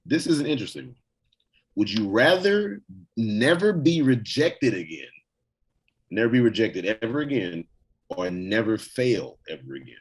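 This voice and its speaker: A man's voice: on the low side, very animated, moderate pace, husky, poor audio. A man co-hosting a casual podcast, blunt and profane as he reads out questions and answers them. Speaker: podcast co-host.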